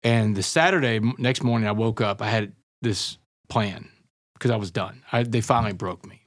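A man's voice: fairly low pitch, normal speed, no echo, studio quality. A man guest on an interview podcast, telling his story in an earnest, intense way and often calling the listener "man" and "brother".

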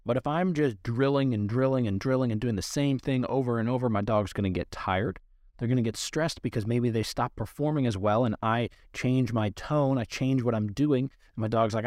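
Male dog trainer, mid-pitched, earnest explainer, dry close mic. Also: moderate pace, darkish tone, no echo. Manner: earnest, explanatory, talks to listener directly. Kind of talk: instructional podcast talk.

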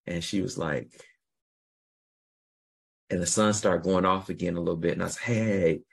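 Husky man telling a story casually. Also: low voice, fairly even intonation, moderate pace. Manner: rambling, restarts, swears freely. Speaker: podcast host.

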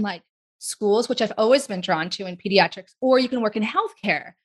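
A woman in her forties, a guest in an interview, talking casually and chattily with quick asides. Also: mid-range voice, breathy edge. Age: 40s.

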